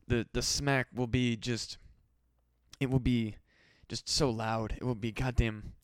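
A man's voice: medium pitch, flat delivery, measured pace, dry recording. A man hosting a solo podcast, rambling and swearing with mock-desperate pleading. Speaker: podcast host. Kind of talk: casual solo podcast rant.

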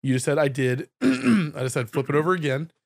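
A man's voice: a little high, very animated, a little fast, gravelly, no echo. A man in casual chat, blunt and dryly teasing.

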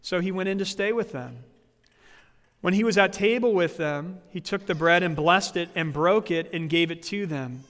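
Animated male pastor preaching in a hall. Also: high voice, normal speed. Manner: animated, acts out quoted voices. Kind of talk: sermon. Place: church sanctuary.

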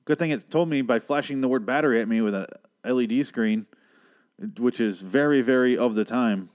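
A man's voice: mid-range voice, brisk, a little mellow. Young male podcast host; profane, incredulous ranter for a sarcastic film recap.

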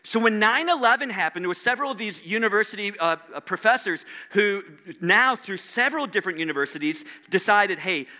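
A man's voice: sits high, expressive, brisk, few pauses, sharp tone. A middle-aged man preaching a sermon in a conversational way, putting rhetorical questions to the congregation. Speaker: pastor.

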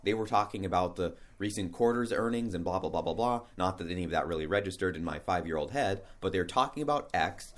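Low-voiced man musing aloud. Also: animated, fast, few pauses, a bit bright. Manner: rambling, with frequent restarts and rhetorical questions. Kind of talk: casual spoken monologue.

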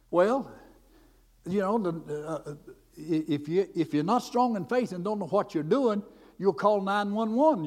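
A man preaching a storytelling sermon in a folksy, animated way, with many fillers and restarts. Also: high-pitched. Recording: echoey hall.

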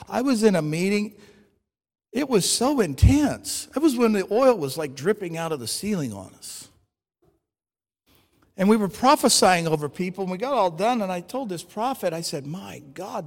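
A man preaching a storytelling sermon, animated and acting out the dialogue in his stories. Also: sits high, moderate pace. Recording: long hall reverb.

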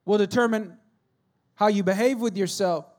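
A middle-aged man preaching a sermon as a pastor, telling stories with humor and swinging between loud and hushed delivery. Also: sits high, normal speed.

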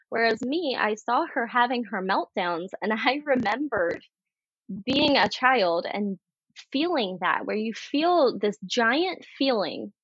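An earnest woman guest speaks in a slightly high voice, recounting her experience in a relaxed, conversational way and acting out the voices she remembers. The sound is dry and a little dull and lo-fi. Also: breathy edge, no echo. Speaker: podcast guest. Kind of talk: candid conversational storytelling.

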